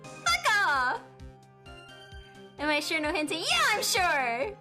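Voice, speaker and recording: A young woman streaming a game, giving loud, frustrated commentary full of swearing. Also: high-pitched, very animated, normal speed. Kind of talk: live gameplay commentary. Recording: faint game music behind.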